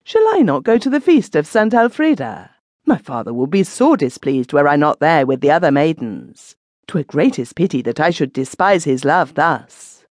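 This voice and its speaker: A woman voicing a spirited, loving young noblewoman in archaic speech, earnest and lively. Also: low voice, normal speed, dry recording, studio quality.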